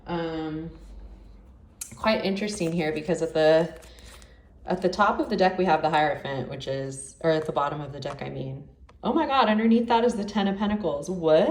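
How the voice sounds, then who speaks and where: A lower-pitched woman talks through a tarot spread in a loose, chatty way, exclaiming as cards turn up. She sits back from the mic, so her voice sounds roomy and distant, with a faint hiss behind it. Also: darkish tone. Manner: chatty and exclamatory, with many fillers. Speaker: tarot reader. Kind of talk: casual tarot reading. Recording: echoey room, distant mic, faint noise.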